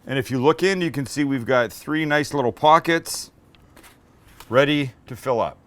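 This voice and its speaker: A man's voice: medium pitch, normal speed, a bit bright. Chatty man hosting a cooking show. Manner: chatty, joking, teases his crew. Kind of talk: casual cooking demonstration.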